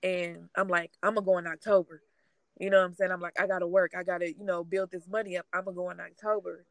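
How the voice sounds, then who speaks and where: A woman speaking in a halting, tearful way, sharing her grief in a casual conversation. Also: fairly low pitch, flat delivery, dry recording, rough recording. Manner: halting, tearful, trying not to cry. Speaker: grieving sister sharing her story.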